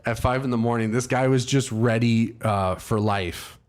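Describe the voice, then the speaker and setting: A man's voice: medium pitch, steady tone, normal speed. A man hosting a livestream, telling a long, rambling, profane and self-mocking story to his chat. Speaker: livestream host. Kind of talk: casual storytelling to a live chat.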